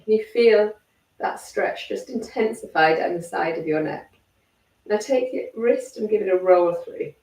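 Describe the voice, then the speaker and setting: A woman leading a guided neck and shoulder stretching class in a calm, encouraging way, with a croaky voice. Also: mid-range voice, a little slow. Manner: calm, encouraging step-by-step cueing. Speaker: fitness instructor. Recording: echoey room, mic at a distance.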